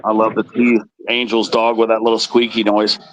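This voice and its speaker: A man's voice: on the low side, level tone, normal speed, heavy background noise. A man in a casual stream chat, easygoing and full of practical advice. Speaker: guest on a stream.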